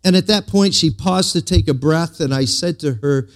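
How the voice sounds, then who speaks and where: A male pastor preaching a sermon in a voice set a little high for a man. He tells a story, drawing out emphatic lines slowly and then dropping into quiet asides.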